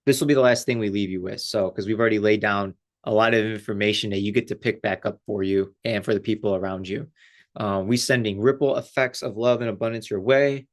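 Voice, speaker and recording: A man, a life coach, giving a casual, animated spiritual talk with lots of fillers and frequent laughter. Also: lowish voice, a little fast.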